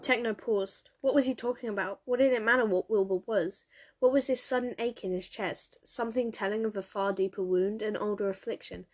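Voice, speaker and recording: A woman narrating a dramatic story in a steady, measured reading. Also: medium pitch. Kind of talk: audiobook reading of fan fiction.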